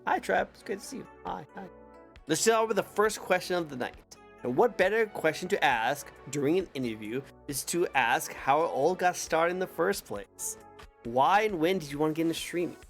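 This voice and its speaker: A man's voice: fairly high pitch, animated, moderate pace, creaky, soft background music. A man hosting a casual interview, enthusiastic and repeating "I love it.". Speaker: interview host.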